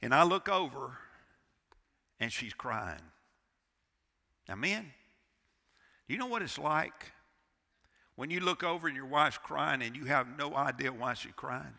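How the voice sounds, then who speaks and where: A man in his sixties preaching with fervor from the pulpit. His voice is bright and forceful with a gravelly edge, and swings from loud to hushed. Long church reverb trails every word. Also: mid-range voice, animated, unhurried, long pauses. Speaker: pastor. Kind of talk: sermon. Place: church sanctuary.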